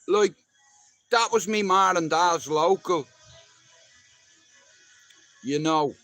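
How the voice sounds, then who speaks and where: A man's voice: sits high, slow, fairly bright tone, faint music behind. A middle-aged Irish man chatting casually to live viewers, swearing freely as he rambles through stories. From Ireland. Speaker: livestream host.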